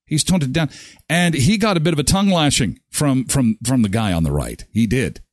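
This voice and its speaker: A man's voice: mid-range voice, expressive, brisk, dry recording, studio quality. A man hosting a morning show, commenting on news clips with joking, mocking asides. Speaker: host.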